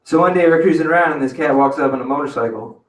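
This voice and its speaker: A man's voice: on the high side, fast talker. A man telling a rambling, profane story at an open mic, calling everyone "man" and "dude". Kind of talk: casual spoken storytelling. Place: cafe open mic stage. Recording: roomy venue audio from a distance.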